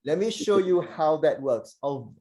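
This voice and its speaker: A man teaching Arabic letter pronunciation on a video call, patient and encouraging, slowly demonstrating each sound. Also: a little high, expressive, a crowd in the background. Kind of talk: online pronunciation lesson.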